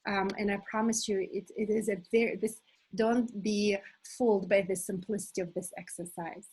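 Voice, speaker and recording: A middle-aged woman leading a live motivational workshop as a coach, enthusiastic and animated, talking to her listeners as "you guys". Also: mid-range voice, normal speed, breathy edge, low-quality recording. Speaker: manifestation coach hosting an online challenge.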